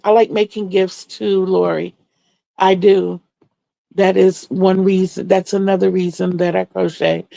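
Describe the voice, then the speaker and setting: A woman's voice: medium pitch, creaky, mellow, dry recording. A middle-aged woman hosting a crochet livestream, telling stories in a chatty way and answering viewers' comments.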